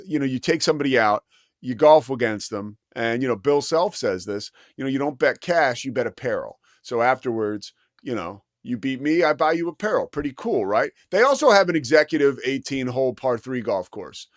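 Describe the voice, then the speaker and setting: A man hosts a live sports talk show in a loose, rambling, animated manner, laughing as he tells a story. His voice sits in a middle register. It is recorded close and dry with no room sound. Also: mid-range voice, no room sound. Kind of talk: casual talk-radio chat with live ad reads.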